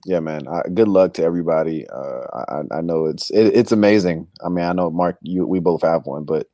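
A man's voice: deep voice, a little fast, mellow, dry recording. A man co-hosting a podcast in casual chat, loose and joking, often calling his partner "man". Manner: laid-back, loose and joking, says "man" a lot. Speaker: podcast co-host.

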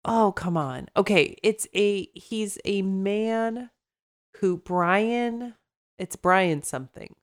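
A woman's voice: medium pitch, takes it slowly. A woman with a Chicago accent co-hosting a podcast in casual chat, rambling with many fillers and restarts. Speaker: podcast co-host.

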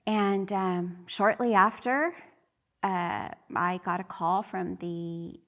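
A woman's voice: on the low side, fairly even intonation, slow pace, fairly bright tone. A middle-aged woman sharing her personal faith testimony in an earnest, emotional way. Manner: earnest and emotional, often re-voicing her own prayers.

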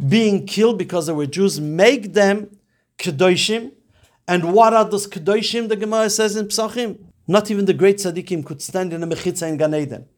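A rabbi teaches a Talmud class in a high-sitting voice at normal speed. He speaks earnestly, weaving Hebrew and Yiddish terms into his English, and his exhortations rise to urgent emphasis.

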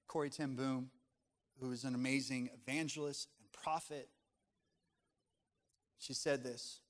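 A man's voice: mid-range voice, fairly even intonation, measured pace, pauses often, in a large hall. A middle-aged man preaching as a pastor, reading scripture and speaking earnestly and conversationally to his congregation. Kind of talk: sermon.

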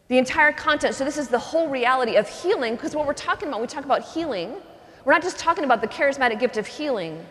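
A woman's voice: sits high, lively intonation, quick pace, fairly bright tone. A woman, a nun giving a charismatic retreat talk, teaching in an earnest, conversational way and acting out little scenes. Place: cathedral. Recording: long cathedral reverb.

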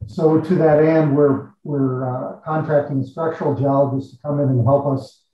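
A man working as an exploration geologist, explaining drilling results in a measured, technical way with frequent restarts. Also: a little high, steady tone. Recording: echoey, distant, dull audio.

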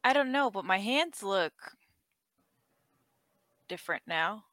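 A woman playing a tabletop role-playing game, animated and asking quick questions, sometimes speaking as her character. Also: mid-range voice, no room sound. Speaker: player.

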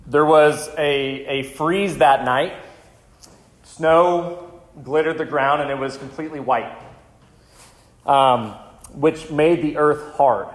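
A male pastor telling a vivid story in a sermon, slowing down for dramatic moments. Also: on the high side. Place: church.

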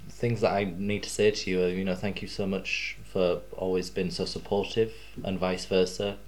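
A man's voice: deep voice, a little mellow. A man interviewing an old friend in casual conversation, speaking in a heartfelt way.

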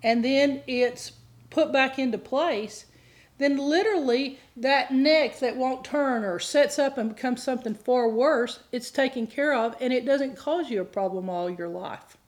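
A woman's voice: high voice, unhurried. A middle-aged woman giving an earnest teaching sermon on deliverance, at times rising into impassioned pleading. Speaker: deliverance minister.

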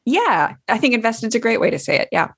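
A woman's voice: on the high side, sing-song, fast talker, fairly bright tone, breathy edge. A woman co-hosting a podcast, telling friendly anecdotes in casual conversation. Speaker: podcast co-host.

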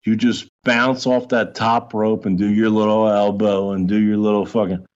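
A man's voice: on the low side, level tone, moderate pace, darkish tone, dull audio. A man ranting in a heated, profane, mocking way during a podcast chat. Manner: foul-mouthed, heated, mocking.

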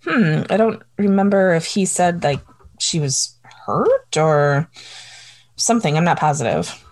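Low-voiced woman recapping a show. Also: lively intonation, unhurried. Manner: nervous laughter, rambling restarts. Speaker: co-host. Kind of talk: casual TV recap chat.

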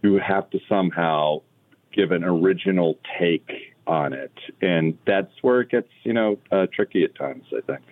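Very deep-voiced man on a phone line. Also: normal speed, no room sound. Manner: chatty, interjecting, enthusiastic introductions. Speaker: podcast co-host. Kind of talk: casual podcast chat.

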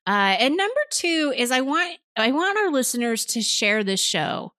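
A woman's voice: sits high, sing-song, moderate pace, bright, forceful tone. A woman hosting a podcast. She chats casually with her co-host, laughs easily, and explains things step by step.

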